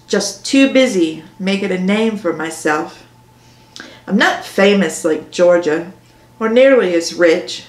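A woman author reading her own novel aloud in first person, with dry storytelling. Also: on the low side. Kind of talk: audiobook narration. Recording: roomy echo.

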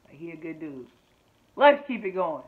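A man's voice: a little high, very animated, normal speed, crowd noise. A man hosting a video reaction channel, talking in a laid-back, slangy, upbeat way to his viewers. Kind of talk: casual reaction commentary. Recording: tinny phone-like mic, faint hiss.

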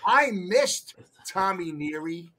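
A man's voice: high voice, slow, slight background noise. A man, a guest telling firehouse stories in a profane, emphatic way. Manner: profane, animated, emphatic storytelling. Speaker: podcast guest, retired firefighter. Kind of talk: casual storytelling.

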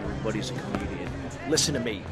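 A man's voice: fairly low pitch, very fast, a crowd in the background, lightly acted. A man playing a tough, blunt gangster. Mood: hard. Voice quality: blunt, clipped. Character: tough terse male gangster. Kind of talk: video game cutscene acting. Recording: game cutscene with music behind.

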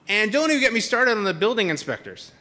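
A man's voice: high voice, very animated, fast talker, bright, forceful tone. A man giving a comedic keynote speech on a conference stage, with a sarcastic, punchy delivery and repeated punchlines. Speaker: keynote speaker.

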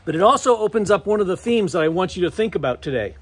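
A man's voice: high voice, expressive, quick pace. A man with an American accent preaching a sermon as pastor, conversational and often chuckling between phrases. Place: church sanctuary.

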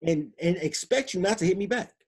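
A man's voice: sits high, lively intonation, fairly quick, darkish tone, husky. A man from Chicago, a podcast guest, giving blunt, emphatic opinions in a casual, street-style way. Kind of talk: opinionated interview talk.

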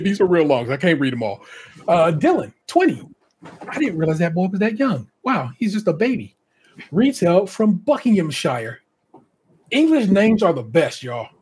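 A man's voice: fairly high pitch, darkish tone, slight background noise. A man hosting a casual podcast, reading out contestant bios and breaking off for chatty asides and laughter. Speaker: podcast host.

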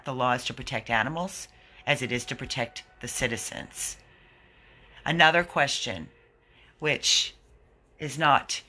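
A man's voice: mid-range voice, sharp tone. A man who runs an animal rescue, giving an indignant, earnest video update to his followers.

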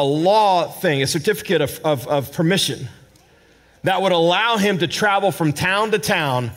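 Man, pastor, preaching a sermon, high voice, very animated pitch, dramatic loud-to-hushed swings, repeats words. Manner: repeats words when searching for phrasing. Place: church service with a responding congregation.

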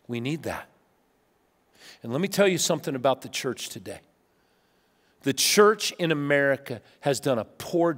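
A middle-aged man preaches in a church sanctuary, his voice sitting high for a man. He tells stories with lively energy and slips into the voices of the people he quotes. The sound carries a long hall reverb. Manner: animated storytelling, acts out quotes. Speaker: pastor. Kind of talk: sermon.

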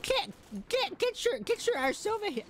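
A cocky mock-British lad, put on by a gaming streamer, jeering at other players in a pitched-up, swooping voice. He barks slang insults with lively, bouncing pitch. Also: moderate pace. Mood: taunting. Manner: taunting, shouty slang insults.

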